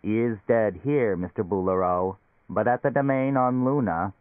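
A man's voice: lowish voice, normal speed, no echo, lightly acted. A man doing a tinny, polite talking machine. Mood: explaining. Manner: polite, explanatory. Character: obliging talking machine therapist in a suitcase. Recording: dry, phone-like narrow sound.

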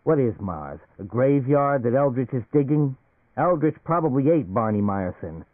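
A man's voice: mid-range voice, big pitch swings, moderate pace, no room sound, voice pushed up, natural voice. A man voicing an anxious male business executive who talks in agitated, rising outbursts. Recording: phone-like narrow band, dry.

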